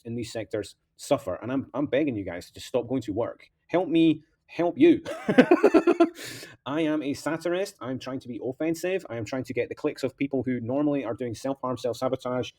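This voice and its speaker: Fast-talking man on a rant. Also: medium pitch, a little mellow. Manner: impassioned, veers between outbursts and muttering. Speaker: political candidate. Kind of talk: rambling political monologue.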